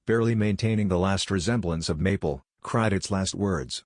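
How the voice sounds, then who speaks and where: A man narrating a first-person horror story in a measured, grave scripted reading. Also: low-pitched, no room sound, studio quality.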